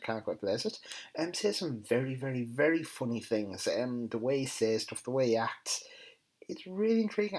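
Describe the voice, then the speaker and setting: A man gives a casual, enthusiastic spoken review of a TV episode, his mid-range voice swinging widely in pitch and carrying a faint husky grain. He occasionally mutters quieter asides, and the recording quality is low.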